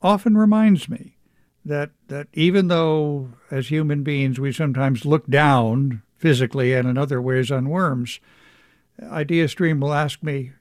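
A middle-aged man, an author being interviewed, speaking thoughtfully with frequent halting restarts. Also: a little high, darkish tone, no echo, clean studio sound. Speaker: author guest. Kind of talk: reflective interview conversation.

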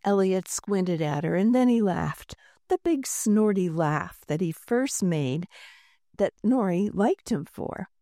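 Woman reading a kids' storybook, really slow, gentle, dry close sound. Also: medium pitch, lively intonation, no echo. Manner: gentle, unhurried reading with lightly voiced characters. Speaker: audiobook narrator. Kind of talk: scripted storybook narration.

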